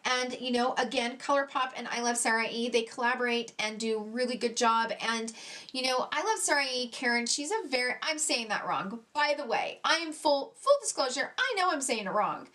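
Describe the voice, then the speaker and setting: A high-pitched woman chatting through a casual makeup review. She gushes over what she loves, drops casual curses and laughs at herself when things go wrong. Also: lively intonation, moderate pace, sharp tone. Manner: chatty, gushing, swears casually, self-mocking. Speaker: beauty vlogger. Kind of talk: casual product review chat.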